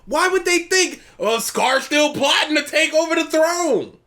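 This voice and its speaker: A woman's voice: sits high, lively intonation, unhurried, fairly bright tone. A woman co-hosting a casual podcast, blunt and exasperated, mimicking lines in mock voices. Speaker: podcast co-host. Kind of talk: casual reaction chat.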